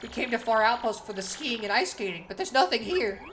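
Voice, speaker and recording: Brief: a grumbling, freezing traveler sister from a video game, read by a woman, lively delivery. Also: a little high, brisk, a little hiss or hum, pitched above the performer's own voice. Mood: whiny. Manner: light reading voice. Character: chilly wandering traveler sister, complaining. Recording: game music behind.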